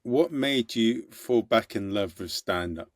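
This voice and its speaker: A man's voice: fairly low pitch, animated, a little slow, no echo, studio quality. A man from the UK hosting a comedy podcast, jokey and bumbling through his introductions. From United Kingdom. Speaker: podcast host. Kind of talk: casual podcast interview.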